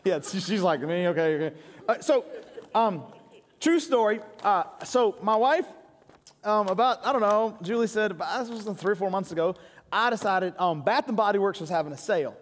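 A man preaches in a high voice. He jokes with his congregation and tells stories about home life. His voice rings with a long reverb through the church sanctuary. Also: lively intonation, moderate pace. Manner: joking, crowd-engaging storytelling. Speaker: pastor. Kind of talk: sermon.

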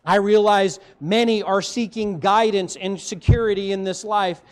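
A man with a Midwestern American accent, preaching a sermon as pastor, rising emphatically for stress and dropping low at the ends of phrases. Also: fairly even intonation, moderate pace, smooth.

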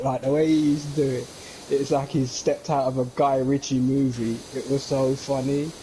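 Rambling jokey man, mellow voice. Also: mid-range voice, flat delivery, normal speed, slight background noise, low-quality recording. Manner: rambling, jokey, slips into mock accents. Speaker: streamer. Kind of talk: casual chat while gaming.

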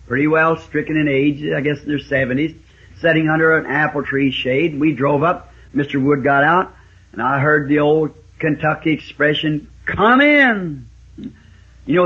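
Folksy preacher on an old tape. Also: male voice, husky. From Southern United States. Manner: folksy, animated storytelling with sudden high exclamations. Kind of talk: storytelling sermon. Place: church meeting with a congregation. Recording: lo-fi 1960s live sermon tape.

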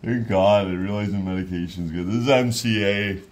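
A man's voice: lowish voice, steady tone, moderate pace. Rambling man leafing through his sketchbook. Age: 30s. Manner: rambling, with frequent fillers and restarts. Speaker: artist showing his sketchbook. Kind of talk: casual rambling commentary.

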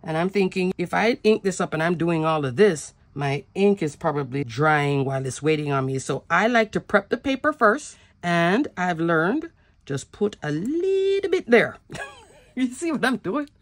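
In a dry recording, a woman with a fairly low voice leads a card-making demo step by step. She talks chattily through each stage and sometimes laughs at herself.

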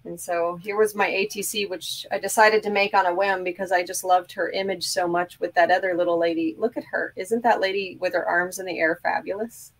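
A woman's voice: on the low side, fairly even intonation, a little fast, few pauses, low-quality recording. A woman hosting a crafting show, chatting casually and upbeat while showing her projects.

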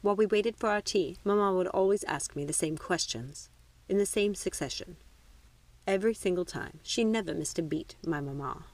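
A woman's voice: on the low side, no room sound. Woman reading a storybook aloud, dry sound. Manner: measured, expressive reading. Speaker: audiobook reader. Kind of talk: storybook narration.

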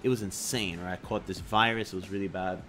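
A young man vlogging, telling a personal story in a casual, animated way, full of slang and crude jokes. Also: low voice, fairly quick, a little hiss or hum.

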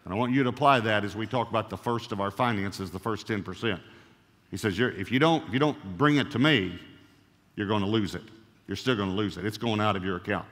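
A man preaching a sermon as pastor, emphatic, slowing right down to stress key words and repeating them. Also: fairly low pitch, fairly bright tone. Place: church sanctuary. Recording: reverberant church hall.

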